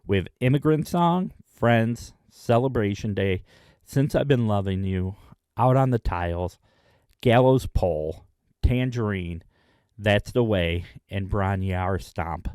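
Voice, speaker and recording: A man hosting his own video, chatting enthusiastically in a casual rundown with frequent pauses. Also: on the low side, lively intonation, darkish tone, clear, resonant tone, dry recording, studio quality. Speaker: music video host.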